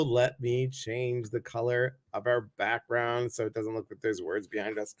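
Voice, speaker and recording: A man's voice: mid-range voice, flat delivery, normal speed, hardly any pauses. A man hosting a live stream, chatting casually and greeting viewers one by one by name.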